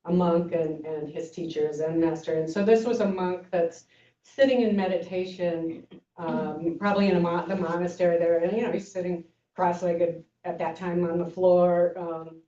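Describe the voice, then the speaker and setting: Older woman teacher, halting, in a roomy hall. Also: fairly even intonation, dark tone. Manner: halting, many fillers and restarts; acts out story voices with lifted pitch. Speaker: Zen teacher giving a talk. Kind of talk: informal lecture. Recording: echoey room, mic far off, dull sound.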